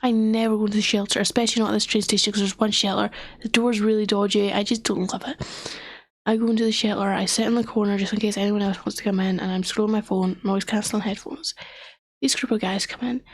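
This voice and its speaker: A woman's voice: mid-range voice, quick pace, no echo. A young woman streaming, telling a story in casual chat, often dropping to a whisper, her voice worn from a sore throat. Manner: animated, often drops to a whisper.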